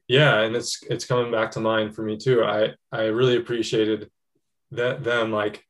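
A man's voice: fairly low pitch, flat delivery, normal speed, fairly bright tone. A man talking earnestly and reflectively in a casual conversation, piling up actions in long flowing lists.

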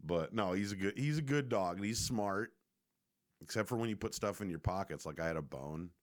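A man's voice: low-pitched, animated, a little fast. A man casually telling a rambling, profane, joking story to the camera.

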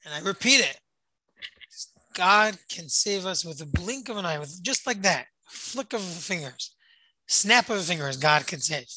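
Storyteller: very bright, sharp tone, dramatic delivery with repeated phrases, close and dry. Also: mid-range voice, animated, a little slow, no echo, rough recording. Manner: dramatic, repeats phrases for emphasis, rises and hushes. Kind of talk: emotional retold story.

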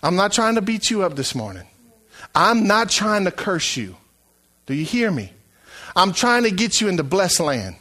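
A middle-aged man preaching a sermon as pastor, swinging from hushed asides to loud, shouted calls. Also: high-pitched, big pitch swings, moderate pace.

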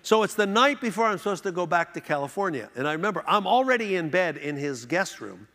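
A man's voice: high voice, lively intonation, fast talker, pushed and bright. A man giving a humorous storytelling talk with self-deprecating comic timing, recorded in a large hall. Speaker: speaker. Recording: long hall reverb.

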